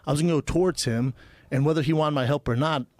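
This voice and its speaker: A man's voice: on the high side, fast talker, no room sound. A man in his thirties, a podcast co-host, telling a story in casual chat and acting out the quoted back-and-forth. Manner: animated, acts out quoted exchanges.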